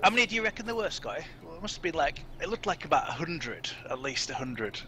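A man's voice: on the high side, sing-song, fast, pushed and bright, a little hiss or hum. A man playing along with friends, chatting helpfully and correcting himself. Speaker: fellow player. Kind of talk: casual game chat.

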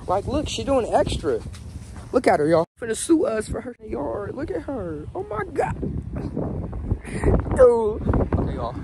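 Excitable young man vlogging outdoors. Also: high voice, moderate pace. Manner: excitable, chatty, slangy. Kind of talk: casual vlog talk to viewers. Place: outdoors walking a dog in a park. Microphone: phone held in hand. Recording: outdoor phone audio with background noise.

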